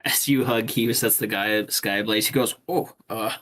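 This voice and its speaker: A man narrating a tabletop game as dungeon master, telling the story in a relaxed way with many fillers. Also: on the low side, normal speed.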